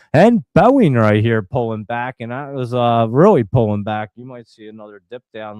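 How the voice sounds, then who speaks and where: A New Jersey man hosts a live stock market stream, rambling casually and sounding exasperated as he talks to his viewers. His medium-pitched voice is smooth with a darkish tone, captured in a dry, clean studio recording.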